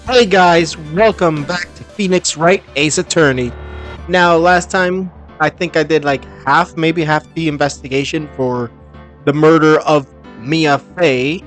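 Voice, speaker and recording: A man's voice: a little high, a little slow, fairly bright tone. A man giving casual let's-play commentary, hesitant and full of ums. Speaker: gamer. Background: video game music.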